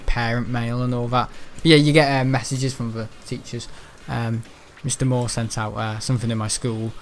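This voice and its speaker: A teenage boy from the Wirral with a Merseyside accent, rambling on a live stream. He stumbles over his words with plenty of ums and restarts. A faint background hum sits under his voice. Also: mid-range voice. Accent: Merseyside English. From the Wirral, England. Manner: hesitant, many ums and restarts, chuckling. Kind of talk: rambling casual chat.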